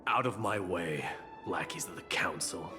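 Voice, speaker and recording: An actor playing a proud young crown prince in a game, giving formal orders. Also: male voice, low-pitched, animated, measured pace. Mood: stern. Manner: formal, commanding speech. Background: game music.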